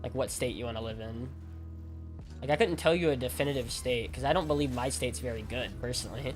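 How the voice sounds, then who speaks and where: A man's voice: mid-range voice, brisk, faint music behind. A man from Alabama who streams games, chatting casually with viewers in a rambling way, full of "like" and restarts. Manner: rambling, heavy use of "like", frequent restarts. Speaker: game streamer. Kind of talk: casual chat with viewers while gaming.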